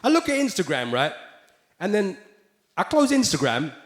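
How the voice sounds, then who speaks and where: A man works a theater crowd, sardonic and chatty, with rhetorical asides. His fairly high voice swings lively through each line. The live room adds a roomy echo over steady ambient noise. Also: normal speed. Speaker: stand-up comedian. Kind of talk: live stand-up routine. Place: theater stage.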